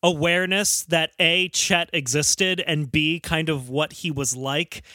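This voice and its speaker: A man's voice: fairly high pitch, steady tone, unhurried, sharp tone, dry recording, studio quality. A man co-hosting a podcast in casual chat, wry and joking. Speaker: podcast co-host.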